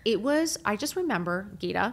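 Middle-aged woman guest; candid, animated storyteller with lots of filler phrases. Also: mid-range voice, a little fast, a little hiss or hum. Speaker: podcast guest.

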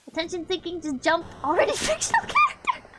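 A woman's voice: very high-pitched, huge pitch swings, brisk, very noisy. A woman streamer giving casual, brash game commentary, swearing often and laughing a lot.

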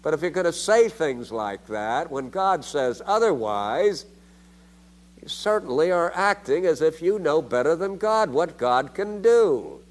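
A man's voice: very animated, a little slow. Emphatic older man lecturing on theology. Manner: emphatic, with rhetorical questions and sudden rises in pitch.

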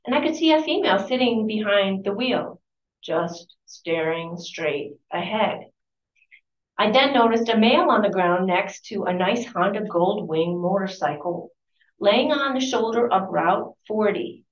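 A woman reads from a memoir at a library talk, breaking off for conversational asides and quick self-corrections. She sits well back from the microphone. The sound is roomy, echoing and muffled. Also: medium pitch, expressive. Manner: conversational, corrects herself mid-sentence. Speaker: author giving a book talk. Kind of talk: reading aloud from a memoir with chatty asides. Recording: distant, roomy and dull-sounding.

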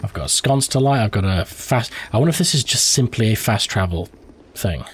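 A man's voice: fairly low pitch, lively intonation, brisk, husky. A man hosting a let's play, giving profane, reactive commentary and thinking aloud as he plays. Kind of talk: live gameplay commentary.

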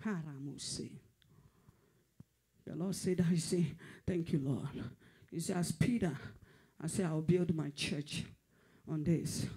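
A man's voice: fairly high pitch, slow pace, pauses often, warm tone, breathy edge. A man preaching a fervent prophetic sermon, repeating phrases and at times dropping to a whisper. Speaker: pastor.

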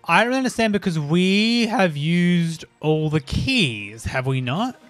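Aussie guy streaming a dance game, out of breath, swearing and rambling, slightly high voice. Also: very animated, takes it slowly, a bit bright, faint music behind. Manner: chatty, profane, rambling. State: out of breath from dancing. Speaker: gaming streamer. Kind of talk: casual let's-play commentary.

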